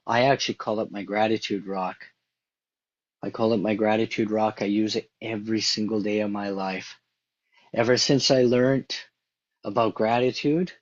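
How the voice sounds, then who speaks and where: A man's voice: lowish voice, highs cut off. A man giving an earnest, conversational motivational talk, repeating his points as he goes. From Canada. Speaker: motivational speaker.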